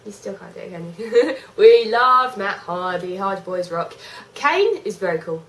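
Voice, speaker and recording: A woman's voice: medium pitch, animated, moderate pace, a bit bright, rough recording. A young woman from England co-hosting a casual chat about a wrestling show, chatty and mocking, with frequent giggles.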